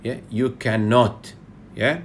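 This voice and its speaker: A man's voice: medium pitch, takes it slowly, a little hiss or hum. A man from Bahrain with a Bahraini accent, teaching public speaking in a lecture and checking in with listeners by often saying "yeah". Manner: animated, repeats "yeah" as a check-in, with frequent fillers.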